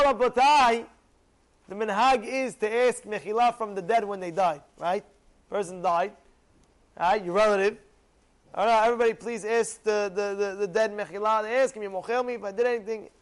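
A man with a strikingly high voice gives a spirited Torah lecture to his class. He slips into the voices of the people in his examples and drives his points home by repeating them. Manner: animated, acts out quoted people, repeats phrases for emphasis. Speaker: rabbi giving a Torah class.

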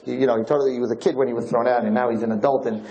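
A man lecturing on Torah, telling a parable in an animated, repetitive storytelling manner. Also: medium pitch, rapid-fire, echoey room, rough recording. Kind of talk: sermon storytelling.

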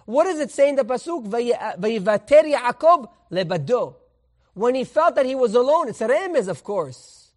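A man teaching a Torah lesson as a rabbi, telling a parable in an animated way and mixing in Hebrew terms. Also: very high-pitched, a little fast.

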